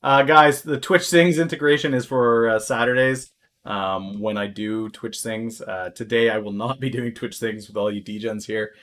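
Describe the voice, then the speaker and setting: Male market streamer, mid-pitched, rambling and filler-heavy, with mock-panic outbursts and crude asides. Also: fairly even intonation, moderate pace. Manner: chatty, thinking aloud with many fillers; swings into loud exaggerated alarm. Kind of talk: live-stream market commentary.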